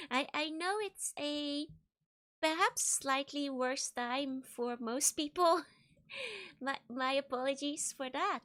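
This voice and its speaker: A woman's voice: high voice, a bit bright. A young woman streaming, chatting casually with viewers, giggling often and repeating her greetings.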